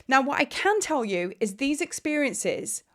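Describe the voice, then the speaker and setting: A woman's voice: high-pitched, sing-song, measured pace. A woman spiritual teacher talking casually to her camera at home, rambling and heartfelt, holding back tears. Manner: rambling, heartfelt, trying not to cry. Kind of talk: casual vlog talk to camera. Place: at home in Cape Town.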